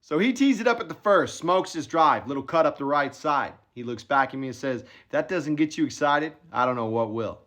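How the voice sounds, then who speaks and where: Boastful, animated male caddie storyteller. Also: a little high. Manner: animated, boastful, laughs between lines. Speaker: golf caddie. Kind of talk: comedic storytelling.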